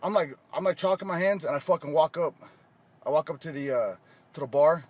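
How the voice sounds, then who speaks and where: A man filming himself in a profane, angry rant, shouting and repeating himself. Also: a little high, a little fast. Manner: shouting, swearing constantly, repetitive. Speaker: vlogger filmed ranting.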